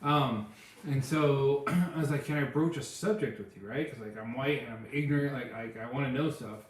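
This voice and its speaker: A man's voice: medium pitch, normal speed. A man co-hosting a casual chat, telling rambling stories with many fillers. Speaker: podcast co-host. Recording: very echoey room.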